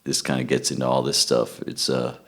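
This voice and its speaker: A man being interviewed, talking in a relaxed, rambling way and often restarting with repeated words. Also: extremely low pitch, brisk. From United States. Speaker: guest musician. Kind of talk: casual interview chat.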